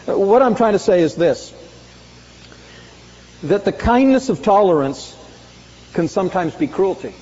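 A male pastor preaching with a high, forceful voice that swings between loud emphasis and hushed lines. The sound is dull and muffled, carrying a long reverb from a large hall. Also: animated, unhurried, pauses often. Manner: emphatic preaching, dramatic swings in pitch and volume. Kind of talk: sermon.

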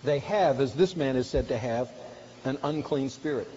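A man's voice: mid-range voice, moderate pace, dark tone. A man preaching a sermon with earnest, emphatic delivery that swells at key points. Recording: dull recording with faint hiss.

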